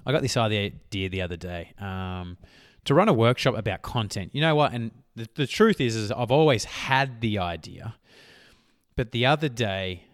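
A business coach in his thirties talks on his podcast in a solo monologue, chatty and rambling, often correcting himself mid-sentence. His voice is lowish, clear, and resonant, in studio-quality audio with no room sound.

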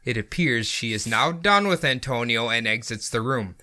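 A man's voice: medium pitch, animated, moderate pace, bright, forceful tone. A man hosting a podcast, reading out a story in a casual way and laughing often. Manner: giggly, often laughing through his reading. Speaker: podcast host and story narrator.

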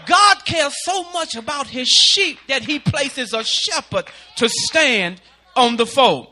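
High, shouting preacher man. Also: lively intonation, slow. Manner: rising into shouted, sing-song preaching. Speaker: pastor. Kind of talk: sermon.

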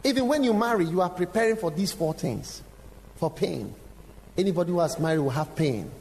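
A man preaching a sermon, telling stories with sudden shouts, acted quotes and direct questions to the congregation. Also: high voice, lively intonation, fairly quick. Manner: engaging the audience with direct questions. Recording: long hall reverb, faint background noise.

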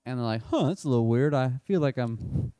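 Lively, playful podcast co-host. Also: male voice, medium pitch, a little fast, no echo. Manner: riffing, playful. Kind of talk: casual comedic banter.

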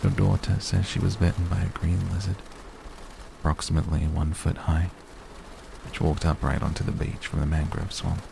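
A man voicing a calm, bearded American field biologist with a soft Southern accent. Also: very deep voice, normal speed, gravelly, exaggerated voice. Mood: calm explaining. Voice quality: soft-spoken, explanatory. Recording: noisy recording.

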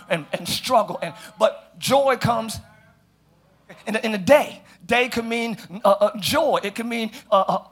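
A man with a very high, bright, ringing voice, preaching a sermon. He asks the congregation questions and drives his points home, rising into shouts and sung phrases. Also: slightly rough. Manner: call-and-response preaching, builds to shouting. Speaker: pastor. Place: large church.

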